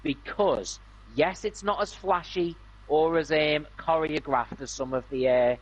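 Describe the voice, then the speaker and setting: A man's voice: a little high, unhurried, slight background noise, poor audio. A man streaming a game, chatting casually and enthusiastically with plenty of fillers and restarts. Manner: rambling, enthusiastic, many fillers. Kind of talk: casual gaming stream chat.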